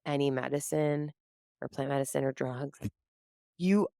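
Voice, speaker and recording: A woman guest on a podcast telling a story in casual chat, animated and laughing often as she acts out her own quotes. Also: a bass voice, measured pace, creaky, no room sound, clean studio sound. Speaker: podcast guest, comedian and entrepreneur.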